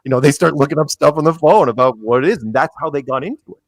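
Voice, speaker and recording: A man's voice: on the high side, fast, no room sound, clean studio sound. A man chatting as a podcast guest, telling rambling stories and acting out quotes from others. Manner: rambling storyteller, acts out quotes. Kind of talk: casual interview chat.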